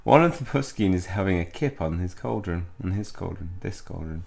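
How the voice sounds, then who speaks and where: A man's voice: sits low, animated, fairly quick, vocal fry, a little mellow. A man giving jokey, chatty let's-play commentary and reading game text aloud. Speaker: gaming channel host.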